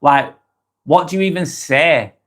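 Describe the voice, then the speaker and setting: Chatty man with a higher voice. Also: unhurried, a bit bright. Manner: rambling, repeats words and restarts sentences; uses mate in chatty address. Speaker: self-help video host. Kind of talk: casual advice monologue.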